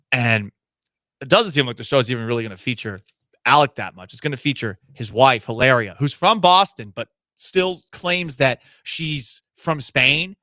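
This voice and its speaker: A man's voice: mid-range voice, normal speed, sharp tone, no room sound. A man hosting a sports radio show, chatting casually and mocking celebrity news with sarcasm. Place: radio studio. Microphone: studio microphone.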